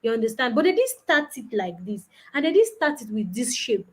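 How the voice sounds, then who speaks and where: A woman's voice: a little high, very animated, moderate pace, a little mellow, breathy edge. A young adult woman, giving a conversational business talk that keeps checking in with "you understand?" and acts out customers. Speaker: business coach. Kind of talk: conference talk.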